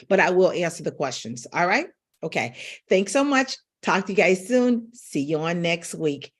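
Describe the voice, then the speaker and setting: A woman's voice: fairly low pitch, slightly rough. A middle-aged woman vocal coach giving a live-streamed voice lesson, speaking directly to her viewers.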